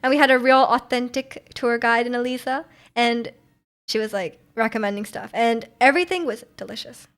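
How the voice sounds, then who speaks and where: High-voiced giggly woman streamer. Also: moderate pace, fairly bright tone. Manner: chatty and giggly, with frequent laughs and filler words. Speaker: livestream host. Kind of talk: casual chat reading viewer messages.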